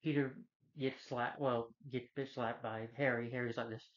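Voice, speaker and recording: A man's voice: mid-range voice, flat delivery, moderate pace. Rambling man in a lo-fi film review. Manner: rambling, filler-heavy plot retelling.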